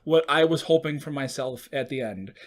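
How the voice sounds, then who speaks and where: A man's voice: mid-range voice, normal speed. A man co-hosting a casual podcast with dry, wry asides. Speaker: podcast co-host. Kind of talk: casual chat.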